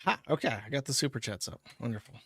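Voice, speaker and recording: A man's voice: medium pitch, lively intonation, fast, fairly bright tone, dry recording, clean studio sound. A man hosting a livestream, reading paid chat messages and riffing on them in a casual, profane, rambling way with frequent laughs.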